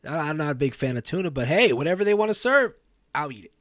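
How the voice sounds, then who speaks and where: A man's voice: a little high, sing-song, fast, a bit bright, no echo, studio quality. A man playing a goofy talk show host in a role-play game, joking around in casual banter with frequent stammered restarts. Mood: easygoing banter.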